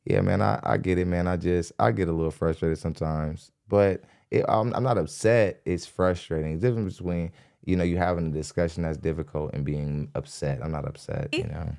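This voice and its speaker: A man hosting a podcast, giving blunt, animated commentary as he reacts to a clip, laughing often between points. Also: sits low, fairly quick, creaky. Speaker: podcast host reacting to a dating show clip. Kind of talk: casual commentary. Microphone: studio dynamic mic.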